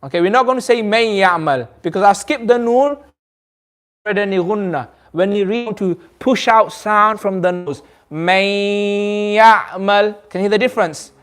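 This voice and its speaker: A man's voice: high voice, moderate pace, a bit bright. A man teaching a Quran recitation class in a community centre, patiently quizzing his students and modelling the sounds aloud. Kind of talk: classroom lesson.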